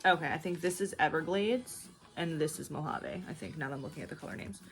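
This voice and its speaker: A woman's voice: low-pitched, quick pace, faint music behind. A young woman hosting a knitting video, talking in a chatty, rambling way with lots of fillers. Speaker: knitting podcast host. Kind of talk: casual chat.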